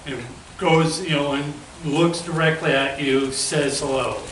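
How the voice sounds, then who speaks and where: A man's voice: on the high side, fairly even intonation, measured pace, a bit bright, slight background noise. A man hosting a casual livestream, rambling and asking leading questions. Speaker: host. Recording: roomy, far from mic, rain behind.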